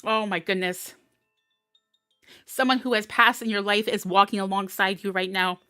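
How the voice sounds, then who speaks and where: A woman's voice: mid-range voice, steady tone, moderate pace, sharp tone, smooth, dry recording. A woman giving a live tarot reading, emotional and encouraging, often laughing. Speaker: tarot reader. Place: indoors, live stream.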